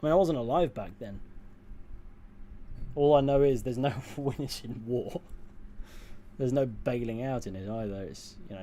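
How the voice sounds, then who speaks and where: A man's voice: mid-range voice, moderate pace, pauses often, warm tone, slight background noise. A young British man, a streamer chatting casually with his viewers, blunt and sweary with dry asides. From United Kingdom. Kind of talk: casual livestream chat, answering viewers.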